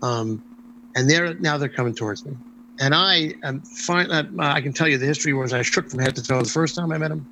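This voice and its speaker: An older man, a former stage performer, telling a lively anecdote in an interview with frequent ums and restarts. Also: a little high, a little fast, a little hiss or hum, rough recording. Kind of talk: storytelling anecdote in conversation.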